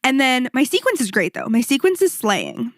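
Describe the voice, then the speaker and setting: Woman podcaster ranting about her day, swears a lot, kinda high voice, super dry close mic. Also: no room sound. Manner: animated, profane, rambling with quick asides. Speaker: podcast host and fitness instructor. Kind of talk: casual solo storytelling.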